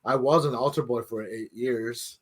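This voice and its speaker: A man's voice: mid-range voice, fairly even intonation, moderate pace. A man in casual podcast chat, telling loose, laid-back stories with plenty of swearing. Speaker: podcast guest.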